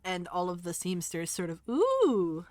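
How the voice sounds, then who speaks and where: A woman narrating a tabletop game as game master, descriptive and relaxed. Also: on the low side, takes it slowly, clean tone, no room sound, studio quality.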